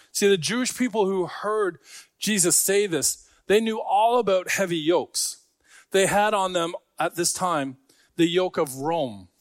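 High-voiced man preaching a sermon. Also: no echo, clean studio sound. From Scarborough. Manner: conversational, joking asides to the congregation. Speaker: pastor.

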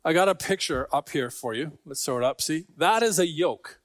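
A man's voice: a little high, expressive, moderate pace, no room sound, studio quality. A man preaching a sermon to a congregation, talking in a conversational way with joking asides. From Scarborough. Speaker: pastor.

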